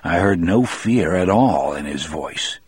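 A man reads a first-person novel aloud in a measured, grim way. His voice sits low and husky, and it is recorded dry and close with no room sound. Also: lively intonation, darkish tone, dry recording. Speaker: audiobook narrator. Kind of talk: first-person audiobook narration.

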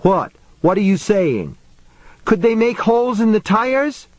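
A man reading an audiobook voices a terrified woman trapped in a truck, pushing his voice high and frantic. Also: expressive, slow pace, no room sound. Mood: frantic, panicked. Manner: frantic, pleading, high-pitched. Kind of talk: audiobook narration.

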